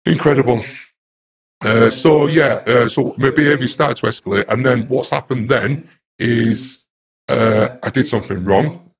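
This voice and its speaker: A man, a guest telling his own story in a rambling, repetitive way that turns loud and agitated. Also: mid-range voice, unhurried, a crowd in the background. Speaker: interview guest. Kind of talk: casual first-person storytelling.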